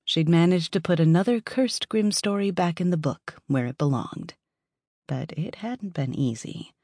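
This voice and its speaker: A woman reads a fantasy audiobook as its narrator, with lively storytelling and rising emphasis. Her voice is slightly husky, and the recording is dry and close. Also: lowish voice, moderate pace, dry recording. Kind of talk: scripted narration.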